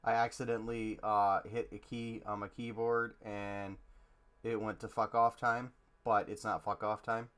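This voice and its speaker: Podcast host dude, kinda low voice, blunt, jokey. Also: male voice, little pitch movement, measured pace, a bit bright. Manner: blunt, joking. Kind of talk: casual podcast chat.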